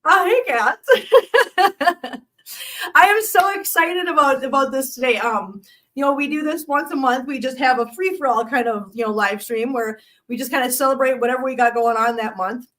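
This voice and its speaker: Woman, live stream host, high pitched, chatty, laughs a lot, slightly distant mic. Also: a little fast, a bit bright. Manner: chatty, laughs often, coaxes her cats. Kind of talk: casual live stream chat.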